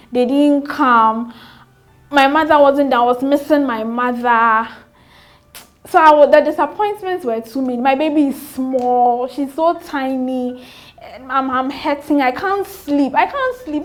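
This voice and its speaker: Earnest Ghanaian woman, higher voice. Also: a little mellow. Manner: earnest, repeats phrases, acts out remembered dialogue. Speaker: interview guest, new mother. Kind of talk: candid personal storytelling.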